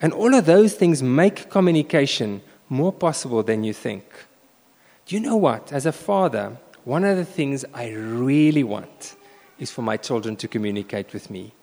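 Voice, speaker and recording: A man preaching a sermon, telling a personal story with animated swings between loud bursts and hushed asides, in a church hall. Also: mid-range voice, moderate pace, gravelly. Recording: echoey hall reverb.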